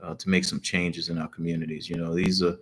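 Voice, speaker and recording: Deep-voiced older man hosting. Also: little pitch movement, fast, a bit bright, husky. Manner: easygoing, encouraging, with many fillers. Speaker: host. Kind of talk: casual talk show chat.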